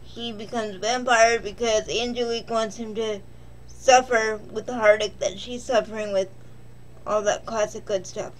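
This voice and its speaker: A woman's voice: fairly high pitch, steady tone, normal speed. A woman vlogger casually recapping a film in a rambling, joking, self-deprecating way.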